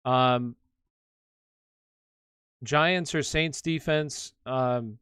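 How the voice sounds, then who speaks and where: A young man hosts a live question-and-answer stream, talking loosely and rambling with plenty of fillers. His voice is smooth and clear, with a mid-range pitch. The sound is dry and close to the mic. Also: extremely slow, fairly bright tone, dry recording. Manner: casual, rambling, many fillers. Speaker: fantasy football livestream host. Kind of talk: live Q&A stream, casual chat.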